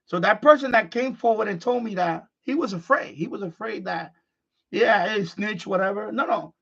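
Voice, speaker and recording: A frustrated middle-aged man, talking bluntly and unscripted on a live stream, circling back over the same phrases. His voice sits high and has a gravelly rasp. The stream audio is dull and lo-fi. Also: moderate pace, a bit bright. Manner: blunt, repeats phrases, restarts often.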